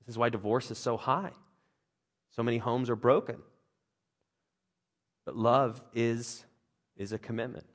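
A man's voice: mid-range voice, measured pace, pauses often. A man, a father of young kids, preaching a conversational sermon with jokes and playful put-on voices. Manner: animated, conversational, jokey, with playful voices for others. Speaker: pastor.

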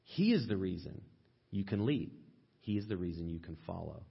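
Husky-voiced male pastor preaching. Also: expressive, moderate pace, dull audio. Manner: conversational, acts out quoted complaints in a higher voice. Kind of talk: sermon.

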